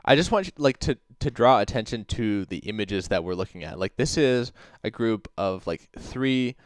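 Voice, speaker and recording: Rambling, low-voiced man streamer. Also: animated, normal speed, smooth, no room sound, studio quality. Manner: rambling, heavy with "like" fillers and swearing; reads out and answers chat messages. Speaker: livestream host. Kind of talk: casual livestream commentary.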